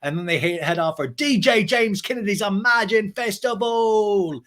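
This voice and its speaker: A man's voice: high voice, moderate pace, a bit bright. A man hosting a podcast, recapping reality TV in a chatty, jokey way. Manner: chatty, jokey, acts out every line. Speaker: podcast host. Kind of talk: reality TV recap, casual chat.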